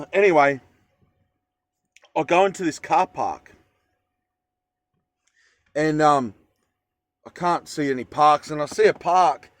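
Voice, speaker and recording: A man's voice: a little high, slow pace, pauses often, no room sound. An Australian man telling a story in a casual vlog, rambling with fillers and self-corrections. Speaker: vlogger.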